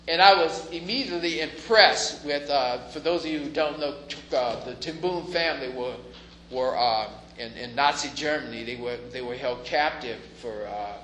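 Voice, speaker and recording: A man's voice: medium pitch, a bit bright. A man preaching a sermon in a conversational way, now and then rising to emphatic stresses. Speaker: pastor. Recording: echoey room, faint noise.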